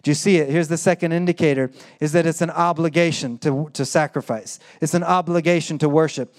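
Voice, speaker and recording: A young adult man preaching a sermon in a conversational, animated way, full of "like" and acted-out quotes. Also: brisk. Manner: animated, acts out quoted voices with sudden high bursts; conversational with frequent "like" fillers. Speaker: pastor.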